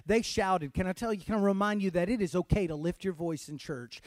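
A man preaching a sermon in church, calling on the congregation to shout and swinging from hushed lines to loud ones. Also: high-pitched, fairly quick, few pauses, no room sound. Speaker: pastor.

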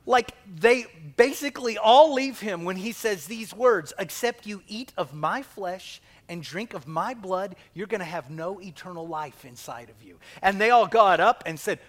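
High-voiced preacher. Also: male voice, animated, moderate pace, fairly bright tone. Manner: conversational preaching, questions to the congregation, acted-out quotes. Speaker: pastor. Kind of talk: sermon.

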